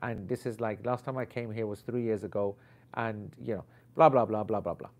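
A man telling a rambling story in casual chat, lively and full of slang as he teaches and recalls his classes. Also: on the low side, fairly quick. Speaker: Islamic teacher. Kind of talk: casual anecdote.

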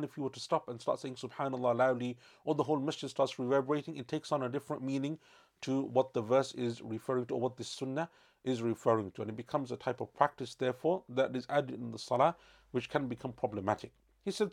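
Gravelly-voiced man teaching a religious class. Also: mid-range voice, darkish tone. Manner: measured explaining with frequent self-corrections. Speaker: Islamic studies teacher. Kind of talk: religious lecture.

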